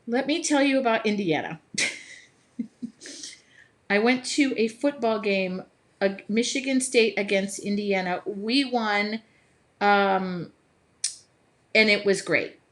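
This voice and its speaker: Bubbly bright-voiced woman chatting while painting. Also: mid-range voice. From American Midwest. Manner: chatty, laughs often, sings snatches of songs; reads viewer comments aloud. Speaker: art teacher hosting a live stream. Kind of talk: casual live-stream chat while painting.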